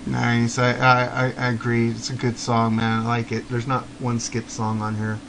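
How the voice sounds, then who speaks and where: A man co-hosting a casual talk show about rock albums, chatty and quick to laugh. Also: medium pitch, completely flat delivery, gravelly, noisy background. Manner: chatty, laughs often, quotes people in passing. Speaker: podcast co-host.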